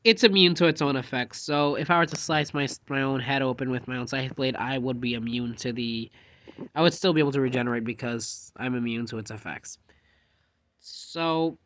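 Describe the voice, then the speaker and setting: A man's voice: fairly high pitch, a bit bright. A man casually telling a rambling fan story, jumping animatedly into quoted dialogue.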